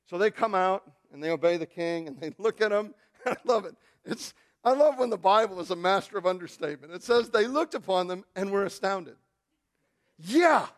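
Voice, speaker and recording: A male pastor preaching a sermon, telling a story and swinging from quiet, intimate asides to loud, shouted peaks. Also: high voice, lively intonation, fairly quick.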